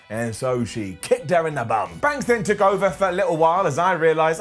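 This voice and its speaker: A man's voice: fairly high pitch, very animated, a bit bright, soft background music. A man giving a casual, joking wrestling review with sarcastic asides. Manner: jokey, sarcastic asides, quick voices for quotes.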